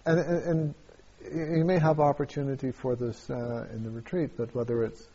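A man, a meditation teacher, answers questions at a retreat in a halting way, with many fillers and restarts and frequent chuckles. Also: medium pitch, flat delivery, dark tone, slightly rough, lo-fi sound.

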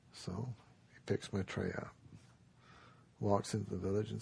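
A man giving a dharma talk, telling a traditional story in a relaxed, unhurried way with many pauses. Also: on the low side. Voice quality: gravelly and very husky. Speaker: dharma teacher.

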